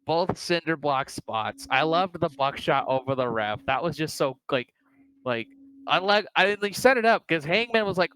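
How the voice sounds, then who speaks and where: A man co-hosting a casual wrestling review, talking excitedly and acting out wrestlers' lines. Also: fairly high pitch, normal speed, clean tone, low-quality recording. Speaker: podcast co-host.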